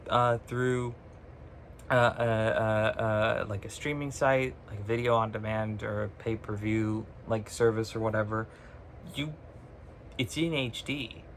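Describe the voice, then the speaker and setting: Recorded on a phone with a bit of background noise, a man in a mid-range, somewhat bright voice chats casually to camera. The vlogger's rant is sarcastic and full of swearing, with frequent laughs mid-sentence.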